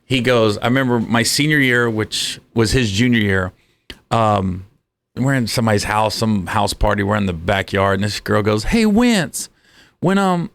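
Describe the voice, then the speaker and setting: A man's voice: lowish voice, steady tone, moderate pace, vocal fry, fairly bright tone. A man, a comedian guest, telling comic stories in conversation and laughing through them.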